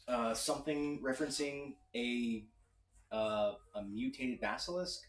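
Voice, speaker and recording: A man's voice: medium pitch, slight background noise. A man narrating as game master of a tabletop game, describing scenes with frequent fillers. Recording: echoey room from a distance.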